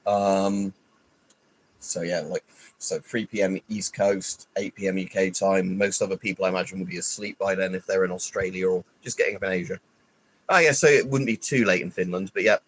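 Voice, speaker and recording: Male streamer, lowish voice, loose rambling delivery. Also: fairly even intonation, a little fast, breathy edge. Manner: rambling, filler-heavy, easygoing. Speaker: livestream host. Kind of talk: casual livestream sign-off.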